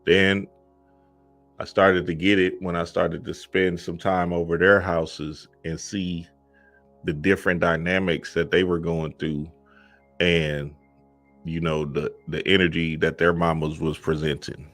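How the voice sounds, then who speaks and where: A man's voice: low voice, flat delivery, measured pace, a bit bright, faint music behind. A man talking in a casual, emphatic monologue, often asking "you feel me" and acting out quoted voices. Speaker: spiritual content creator.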